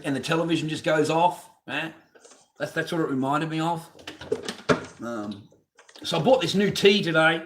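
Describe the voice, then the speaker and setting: A man's voice: on the high side, fairly bright tone. A man hosting a live stream from his garage on a phone camera, talking casually in a blunt, profane, ranting way. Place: home garage.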